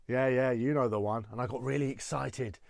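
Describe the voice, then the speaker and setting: A man's voice: medium pitch, fairly even intonation, a little fast, creaky, darkish tone, no room sound. Male stand-up impressionist, chatty and self-deprecating, dry close sound. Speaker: impressionist comedian. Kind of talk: stand-up comedy set.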